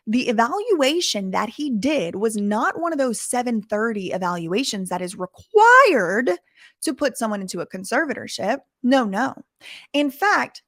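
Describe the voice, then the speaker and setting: A woman's voice: medium pitch, no room sound, clean studio sound. A woman hosting an investigative commentary, speaking emphatically and repeating points for stress. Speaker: commentary channel host.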